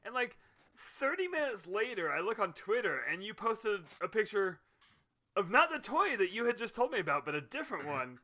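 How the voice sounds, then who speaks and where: A man's voice: high voice, very animated, a little fast, sharp tone. A man, a podcast co-host, chatting casually and jumping in with playful riffs. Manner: laughs easily, jumps in with playful riffs. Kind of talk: casual chat.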